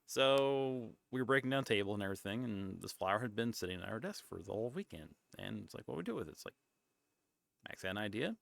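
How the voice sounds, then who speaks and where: A man streaming a casual chat, rambling and often cutting himself off mid-thought, sometimes dropping into soft, breathy asides. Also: lowish voice, animated, quick pace, no echo. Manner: rambling, self-interrupting and chatty.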